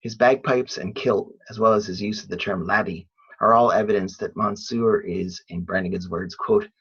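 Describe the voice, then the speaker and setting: A man giving a measured, read-aloud academic lecture on literature, calling out each quotation he cites. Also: deep voice, husky. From Ireland. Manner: measured, reads quotations aloud with "quote" and "end quote". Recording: dull lo-fi recording.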